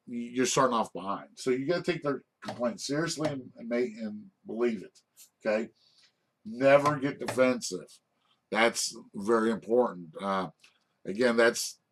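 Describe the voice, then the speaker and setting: A middle-aged man giving an informal lesson on restaurant management, rambling and checking in with "okay?" after most points. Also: medium pitch. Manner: rambling, repeats "okay?" often, frequent restarts.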